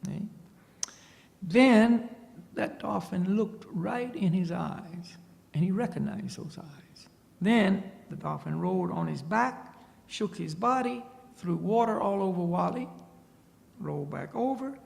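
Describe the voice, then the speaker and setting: A man's voice: high voice, lively intonation, a little slow, vocal fry, darkish tone, in a large hall. A man, a spiritual teacher, telling a story in a lecture to an audience and often checking in with a questioning "see?". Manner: tags points with a questioning "see?".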